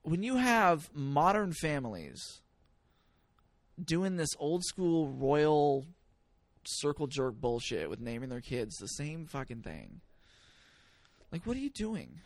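Man, casual podcast talk, very lively pitch, dry close sound, rambling onto tangents. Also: slow, long pauses, dry recording. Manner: animated, given to tangents and swearing. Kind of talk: casual chat.

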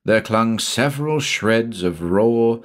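A man with a deep, low voice narrates a horror story. His reading is dramatic and expressive, rising and falling widely to build dread. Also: takes it slowly. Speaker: audiobook narrator. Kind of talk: scripted narration.

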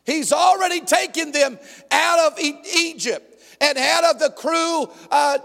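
A male pastor preaching an emphatic sermon, often shouting and calling on the congregation to respond. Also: very high-pitched, measured pace, gravelly, long reverb tail.

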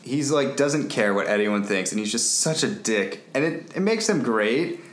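A man's voice: mid-range voice, animated, moderate pace. A man in a casual movie chat, laid-back, often chiming in with short agreeing replies. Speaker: film podcast co-host. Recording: echoey room, faint ambience.

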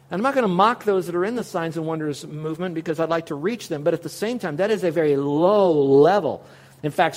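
A man delivers a sermon in a fairly high voice. He is earnest and direct, turning to his listeners with question after question. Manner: earnest, speaks straight to listeners with rhetorical questions. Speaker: pastor.

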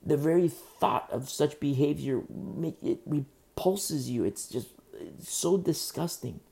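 A man's voice: a little high, expressive, slow pace, creaky, dark tone. A man preaching a sermon as pastor, emphatic and repetitive, often restarting his sentences.

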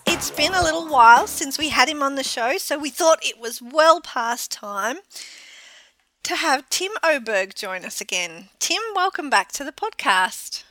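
A woman's voice: high-pitched, expressive, a little slow, pushed and bright, faint music behind, low-quality recording. A woman co-hosting a podcast, welcoming a guest with friendly questions. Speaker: podcast co-host. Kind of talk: podcast interview.

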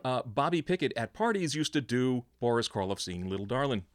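A man co-hosting a podcast in casual chat, jokey and quick to banter. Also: medium pitch, very animated. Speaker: podcast co-host.

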